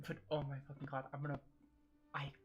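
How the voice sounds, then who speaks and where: A woman's voice: a bass voice, completely flat delivery, fast talker, highs cut off. A young woman streaming a video game live, reacting emotionally with gushing commentary and lots of swearing.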